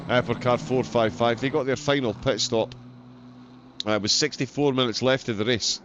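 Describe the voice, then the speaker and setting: A man's voice: mid-range voice, moderate pace. Scottish man commentating a race live. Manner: chatty, frequent uh fillers, self-deprecating. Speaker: race commentator and stream host. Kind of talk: live sim-racing commentary. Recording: dull lo-fi audio with loud race car noise.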